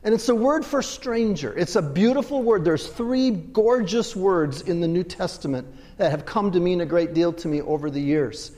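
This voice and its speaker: A man with a notably high voice preaches a sermon, his words ringing out in a hall with a long echo. He moves between forceful, raised lines and dropped, hushed asides. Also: lively intonation, moderate pace. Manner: swings between loud emphatic bursts and low quiet asides. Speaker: pastor.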